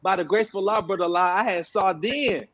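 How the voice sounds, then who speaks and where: High-voiced man telling a story. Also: brisk, a bit bright, dull audio. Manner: conversational, acts out quoted voices. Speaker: guest, social media organizer. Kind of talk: animated storytelling in a panel discussion.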